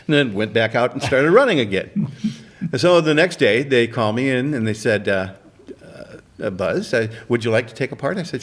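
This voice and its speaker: A man's voice: mid-range voice, animated, a little fast. An older man, a community theater actor, telling stories in a casual chat and laughing often.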